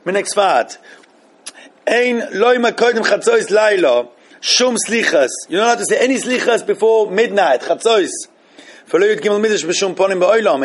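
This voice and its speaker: A man with a high-pitched voice leads a class on religious law. He thinks aloud, repeats phrases and mixes in Hebrew terms as he answers questions from students. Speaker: rabbi teaching a class.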